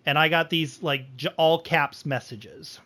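A man hosting a casual podcast, chatting with his guests in a lively way. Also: on the high side, measured pace. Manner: lively, animated delivery. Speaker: podcast host.

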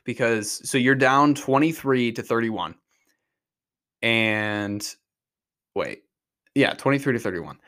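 A man talks through last weekend's football in a casual, unscripted way. He tumbles over his own sentences and doubles back whenever a play excites him. His voice sits in an ordinary middle pitch. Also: slow, long pauses. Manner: rambling, restarts often, excitable about plays. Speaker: podcast host. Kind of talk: casual sports analysis.

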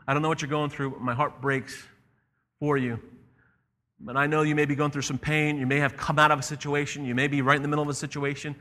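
Bright, earnest preaching man in an echoey hall. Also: a little high, little pitch movement, fast talker. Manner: earnest storytelling, with repeated phrases. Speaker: pastor. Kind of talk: sermon.

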